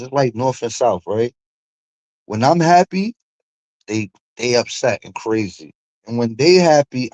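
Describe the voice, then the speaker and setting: A man's voice: mid-range voice, no room sound, low-quality recording. A man hosting a stream, ranting casually and profanely, with mocking asides. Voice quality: animated, profane, mocking impressions. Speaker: streamer host.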